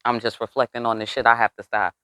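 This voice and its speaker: Reading tarot on a channel, this speaker talks fast in a level, pushed, bright mid-range voice with a clean tone and dry, close sound. The casual spiritual reading is street-talking and profane, with constant rhetorical questions like "you know what I'm saying?"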